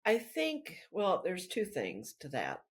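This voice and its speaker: A woman's voice: on the low side, huge pitch swings, takes it slowly, slightly rough. A woman author talking through her work in a rambling, chatty way during an interview. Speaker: author guest. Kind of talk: casual interview chat.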